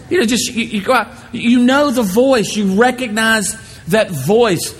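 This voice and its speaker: A man preaching a sermon, telling playful stories and acting out shouted voices. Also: high voice, a little slow, few pauses, slightly rough, in a large hall. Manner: animated, playful storytelling with shouted impressions. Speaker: pastor.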